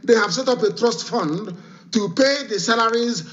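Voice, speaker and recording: In a live radio address, a man from Nigeria speaks at an extremely high pitch with a fairly bright tone and normal speed, his voice still worn from illness. Commanding and impassioned, he repeats his orders to supporters for emphasis, heard through dull lo-fi broadcast sound.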